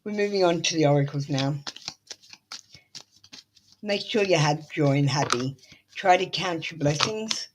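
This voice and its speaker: A woman's voice: deep voice, measured pace, long pauses, background noise. A middle-aged woman with an Australian accent doing a live tarot reading, blunt, motherly and swearing freely. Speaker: tarot reader.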